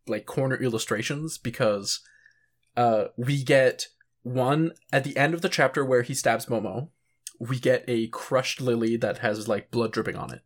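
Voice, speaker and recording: A man co-hosting a casual podcast chat, rambling with lots of filler words, swearing and chuckling as he goes. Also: medium pitch. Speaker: podcast co-host.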